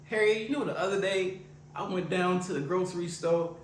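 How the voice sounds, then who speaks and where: Man doing a drawling country gossip, higher voice, noisy echo. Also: brisk, recorded from a distance, close to an everyday voice. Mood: gossipy. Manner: exaggerated country drawl, storytelling. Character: folksy country old man Marvin, gossipy. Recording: echoey room, noisy.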